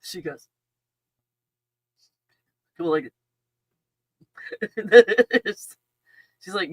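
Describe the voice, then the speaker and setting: A woman's voice: low voice, a little slow, pauses often, pushed and bright, no room sound. A middle-aged woman chatting casually on a livestream in a rambling way, laughing often and talking to her dog. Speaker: channel host.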